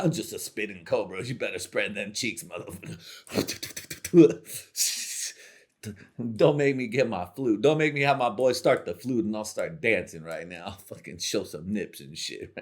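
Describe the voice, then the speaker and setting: A young man hosts a comedy show, his voice sitting on the lower side. He rambles through a profane monologue, swearing freely and laughing at his own jokes. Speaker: comedy podcast host.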